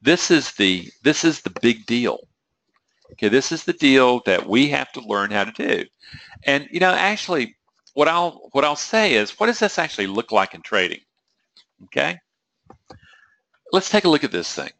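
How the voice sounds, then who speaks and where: Gravelly-voiced man coaching traders. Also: medium pitch, big pitch swings, moderate pace, long pauses, fairly bright tone. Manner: conversational, asks the audience questions, acts out traders' inner voices. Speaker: trading psychology coach. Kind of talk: webinar lecture.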